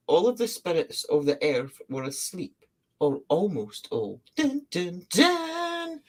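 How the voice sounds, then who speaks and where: A woman co-hosting a podcast, telling a creation myth in a casual, playful way. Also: low voice. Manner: playful, breaks into silly character voices. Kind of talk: casual storytelling chat.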